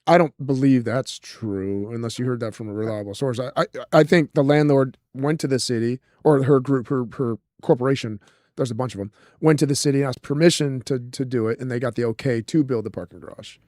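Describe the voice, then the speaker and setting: Fast-talking joking man. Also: mid-range voice, a little mellow, no echo, studio quality. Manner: quick, joking, rambling. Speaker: guest, martial arts gym owner. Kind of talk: casual podcast chat.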